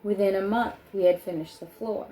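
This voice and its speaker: A woman's voice: medium pitch, steady tone, a little fast, mellow. A woman reading a children's book aloud, stopping now and then to add chatty comments of her own. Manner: chatty asides between read passages.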